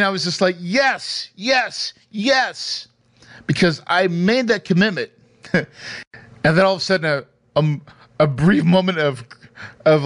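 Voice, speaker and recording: A man's voice: medium pitch, fairly bright tone, no room sound. A middle-aged man and real estate investor telling an emotional personal story into a mic, earnest and emphatic, with restarts. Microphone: studio mic.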